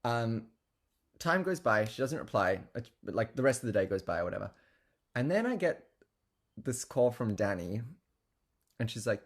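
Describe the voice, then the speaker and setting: A man's voice: medium pitch, big pitch swings, moderate pace. A man telling a story in a casual, chatty way, with lots of fillers and laughing asides. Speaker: guest telling an anecdote.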